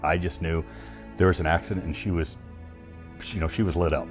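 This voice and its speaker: A man in a documentary interview, recalling events quietly. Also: deep voice, fairly even intonation, brisk, music in the background.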